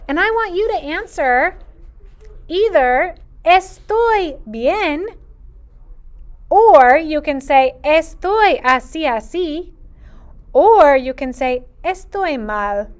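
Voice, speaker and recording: Teaching Spanish to little ones in a video lesson, a woman speaks in a high, animated voice. Her delivery is slow, clear and patient, sing-song like a teacher's, with drawn-out phrases.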